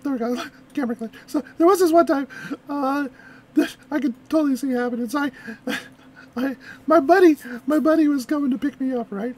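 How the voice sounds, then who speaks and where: High-voiced woman reacting and laughing. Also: a little fast. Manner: laughs often, rambling animated anecdotes. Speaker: reaction video host. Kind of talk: casual reaction commentary.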